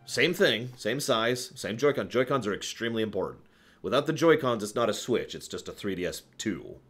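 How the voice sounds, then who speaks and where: A man's voice: on the low side, animated, fairly quick, a bit bright, husky. A man answering viewer questions on a casual live stream, rambling, correcting himself and chuckling as he goes.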